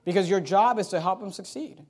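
A male pastor preaching a sermon, exhorting his congregation and swinging between loud emphasis and quiet asides. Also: high-pitched, a little fast, breathy edge.

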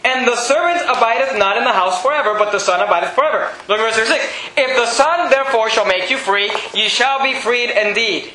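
A man's voice: very high voice, fairly quick, few pauses, bright, forceful tone, echoey room, low-quality recording. A male pastor preaching a sermon, leading his listeners through Bible passages and posing the questions they might ask.

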